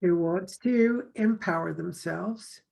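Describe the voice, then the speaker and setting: A woman's voice: lowish voice, slow, gravelly, rough recording. A woman teacher talking casually on a video call, telling stories and acting out the dialogue she quotes. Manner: animated storyteller, acts out quoted dialogue. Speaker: course teacher. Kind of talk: casual conversation.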